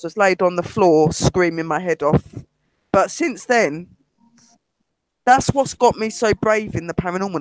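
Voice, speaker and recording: A British man and paranormal investigator, casually telling a ghost story in an animated way and acting out the quotes. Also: sits high, no echo.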